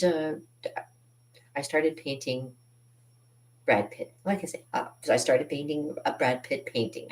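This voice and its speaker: A woman in her fifties telling self-deprecating stories in a rambling casual monologue, often laughing at herself. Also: fairly low pitch. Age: 50s. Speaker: artist and channel host.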